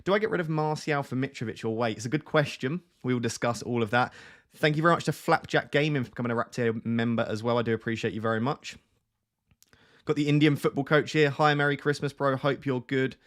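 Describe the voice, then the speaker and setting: A man's voice: medium pitch, fast talker. A man hosting a casual live stream, chatting and greeting his viewers by name from a small home room. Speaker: fantasy football streamer. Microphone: webcam close on face.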